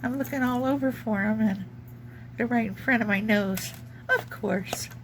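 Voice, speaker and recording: A woman's voice: a little high, normal speed, background noise. A woman casually showing her craft work, rambling and searching for words with many ums. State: has the hiccups. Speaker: junk journal crafter. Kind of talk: casual craft show-and-tell.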